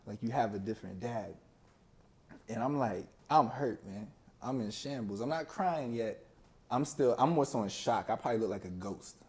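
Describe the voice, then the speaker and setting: A man with a mellow, dark-toned voice tells a personal story as a podcast guest. He talks casually and loosely. He slips into the voices of the people in his story as he goes. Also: mid-range voice, normal speed. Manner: relaxed, conversational, acts out both sides of a talk.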